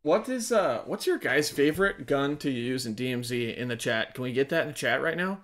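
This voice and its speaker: A man's voice: medium pitch, expressive, a little fast, fairly bright tone. A young man streaming a shooter game and chatting with his viewers and friends over a headset, rambling a little. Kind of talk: casual gaming chat.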